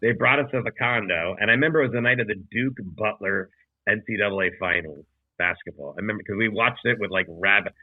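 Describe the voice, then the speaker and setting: Comedian co-host, male, lowish voice, rambling profane storyteller, thin phone-like call audio, dry. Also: fast, no echo. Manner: profane, rambling anecdote with acted quotes. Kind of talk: casual storytelling. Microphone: video call.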